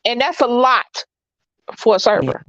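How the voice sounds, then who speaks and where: A woman's voice: a little high, expressive, measured pace, fairly bright tone, no room sound, highs cut off. A woman with a Southern accent co-hosting a casual live stream, talking bluntly and emphatically, often repeating herself. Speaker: co-host.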